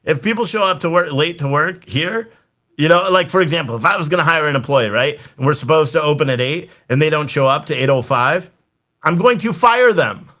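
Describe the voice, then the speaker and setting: A man's voice: fairly high pitch, expressive, a little fast, pushed and bright. A man ranting casually and profanely on a livestream, talking straight to his viewers. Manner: chatty, talks to viewers in the chat. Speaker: livestream political commentator.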